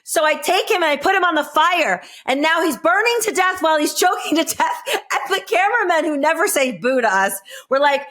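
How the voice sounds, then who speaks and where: A woman's voice: sits high, expressive, fairly quick, few pauses, fairly bright tone. A woman in her forties co-hosting a podcast, telling blunt, profane stories in casual chat with lots of laughter. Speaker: podcast co-host, former reality show contestant.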